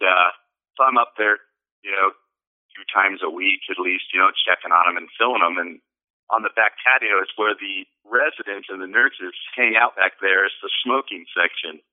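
A man calling in to share a personal story in casual, rambling talk, full of fillers and restarts. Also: low voice. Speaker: caller sharing a testimony. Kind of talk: casual storytelling on a call-in show. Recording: tinny phone line.

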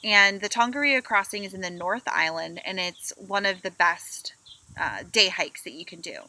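A woman co-hosting a casual travel podcast, telling stories with animated energy and acting out what people said. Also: medium pitch, normal speed, rough recording. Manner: animated storyteller, acts out quotes. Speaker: podcast co-host.

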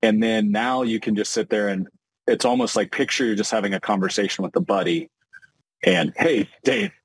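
A man hosting a podcast interview, a financial advisor talking animatedly and acting out quick examples. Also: lowish voice, husky, dry recording, low-quality recording. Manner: animated, talks in quick bursts with acted-out examples.

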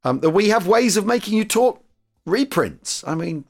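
Lively man with a jokey tone. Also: high voice, moderate pace, creaky. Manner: jokey, laughs easily. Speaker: podcast co-host. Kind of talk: casual podcast chat.

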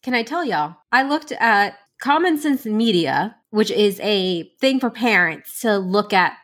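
A woman's voice: mid-range voice, animated, measured pace, a bit bright. A woman co-hosting a casual podcast chat, talking eagerly and laughing often. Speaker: podcast co-host.

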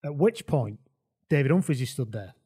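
A man hosting a podcast, telling a comic anecdote in an animated, giggly way. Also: medium pitch, moderate pace, breathy edge. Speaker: podcast host.

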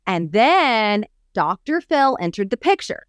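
Speaking at medium pitch and an unhurried pace, this podcast co-host sounds smooth in a clean studio with no echo. She tells an animated coaching-show story, voicing the people she quotes and stressing her lists.

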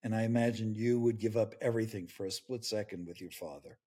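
A man's voice: lowish voice, fast, warm tone, husky. An older man, a grief expert guest, speaking earnestly and tearfully in an interview. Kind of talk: emotional interview conversation.

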